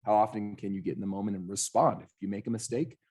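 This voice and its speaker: A man's voice: on the low side, steady tone, fast, a little mellow. A man co-hosting a podcast, a coach speaking encouragingly in a casual chat.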